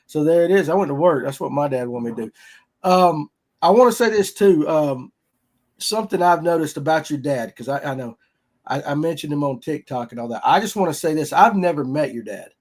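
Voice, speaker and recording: A man's voice: on the high side, lively intonation, a little fast, a little mellow. A man hosting a casual fishing podcast, folksy and rambling. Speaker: podcast host.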